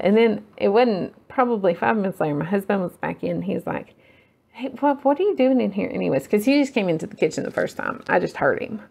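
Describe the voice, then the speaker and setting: Chatty woman with a gravelly edge. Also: medium pitch, darkish tone. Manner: rambling, self-deprecating, talks while working. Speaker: crafting tutorial host. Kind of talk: casual chatty crafting tutorial.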